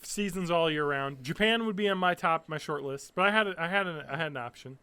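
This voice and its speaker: A man's voice: fairly high pitch, fairly quick, bright, forceful tone, smooth. A young man co-hosting a podcast, chatting casually and telling loose, profane stories. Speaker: podcast co-host. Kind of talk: casual chat.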